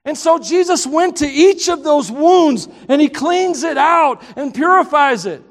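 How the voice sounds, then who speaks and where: A man with a Southern US accent preaching a sermon, telling stories in an animated, joking way and breaking into shouts. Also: very high voice, a little slow. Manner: animated, joking storyteller who bursts into shouts. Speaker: pastor. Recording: long hall reverb.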